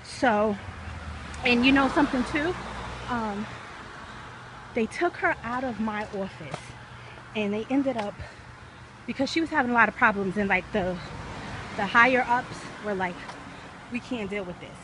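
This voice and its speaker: This woman's voice is a little high and unhurried, with long pauses and background noise. She vlogs casually while walking outdoors in hot weather, slightly winded from an uphill climb, passionately rambling with many fillers.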